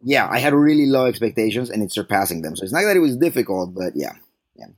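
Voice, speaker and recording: A man's voice: fairly low pitch, sing-song, quick pace. A middle-aged man hosting a podcast in casual, rambling chat, joking as he goes. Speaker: podcast host.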